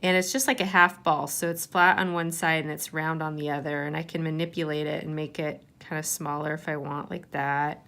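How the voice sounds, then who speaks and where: A woman's voice: sits low, level tone, a little fast, hardly any pauses, fairly bright tone. A woman giving a hands-on clay tutorial, explaining each step patiently. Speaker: clay art teacher.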